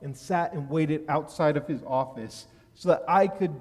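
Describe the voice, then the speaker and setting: A man giving a sermon as a rabbi, telling a personal story in an animated way that rises loud at key moments. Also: on the high side, moderate pace. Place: synagogue sanctuary. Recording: long reverb of a large hall.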